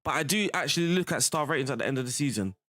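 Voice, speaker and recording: A young man talks through a football management game in a loose, chatty way, laughing easily and dropping "bro" and "innit". His pitch sits a little high and swings around a lot. The sound is close and dry, with almost no room around it. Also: lively intonation, very fast, bright, forceful tone, dry recording. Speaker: gaming streamer. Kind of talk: casual game commentary.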